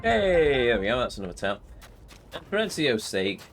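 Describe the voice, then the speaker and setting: A man's voice: medium pitch, big pitch swings, normal speed. A man doing casual, rambling gameplay commentary with wry grumbles. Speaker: let's play host. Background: game music.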